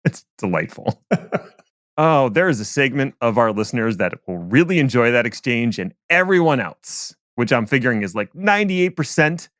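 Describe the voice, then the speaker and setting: A man's voice: mid-range voice, big pitch swings, fairly bright tone, dry recording, clean studio sound. A man hosting a podcast, joking around in casual chat over a remote call. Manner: jokey, playful, quick to laugh. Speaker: podcast host.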